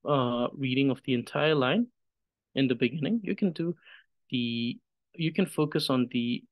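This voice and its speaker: A man teaching a reading lesson, patient and measured, demonstrating pronunciation slowly syllable by syllable. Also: a little high, dry recording. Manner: careful, measured, pauses after each syllable when demonstrating. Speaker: Tibetan language teacher.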